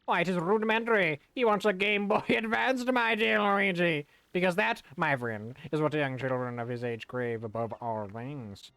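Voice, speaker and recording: A man reading in a voice as a pompous, theatrical gentleman detective from a video game. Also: sits high, normal speed, few pauses, clean tone, dry recording. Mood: grandiose.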